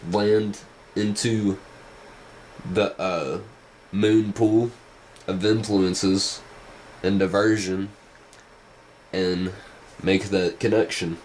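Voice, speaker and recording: A man's voice: lowish voice, a little mellow, a little hiss or hum, poor audio. A man vlogging casual rambling commentary, hesitant and full of restarts. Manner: hesitant, many fillers and restarts.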